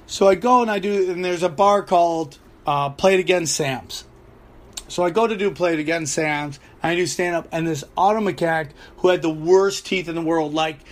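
A stand-up comedian and podcast host rants loosely about a gig he played, his voice pitched high for a man. He stays animated and profane, with lots of "like" and frequent restarts.

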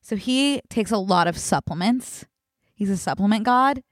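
A woman's voice: mid-range voice, animated, normal speed, no echo, clean studio sound. A young woman co-hosting a podcast, chatting casually and easily. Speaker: podcast co-host. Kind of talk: casual chat.

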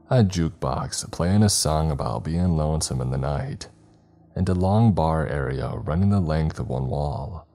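A man reading a scripted first-person horror story in a steady, measured way. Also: very deep voice.

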